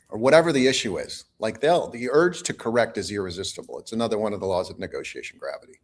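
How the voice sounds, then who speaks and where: Brief: male guest expert, lowish voice, calm and instructive, teaching in short clear points. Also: fast, few pauses. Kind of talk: explanatory interview talk.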